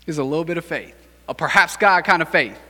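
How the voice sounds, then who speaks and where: Pastor, male, lively casual preacher with a slightly high, bright voice in a reverberant hall. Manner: animated, acts out quick voices for biblical figures. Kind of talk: casual energetic sermon.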